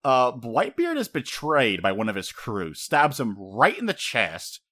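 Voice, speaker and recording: A man co-hosting a casual podcast, rambling and animated as he retells story scenes, slipping into quoted voices. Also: medium pitch, a little slow. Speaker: podcast co-host. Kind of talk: casual anime discussion.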